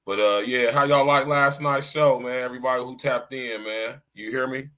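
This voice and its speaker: Loud, slangy male podcast host. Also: medium pitch, fairly even intonation, normal speed. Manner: loud, slangy, repeats "man" and "you know what I'm saying". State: coughing now and then. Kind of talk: casual podcast monologue.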